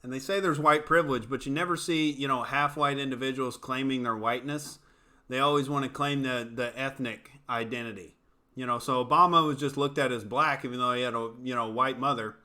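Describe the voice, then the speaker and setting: A man's voice: mid-range voice, pushed and bright. A man hosting a comedy commentary show, talking in a brash, profane, joking way. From United States. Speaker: comedian host. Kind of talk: casual commentary show chat.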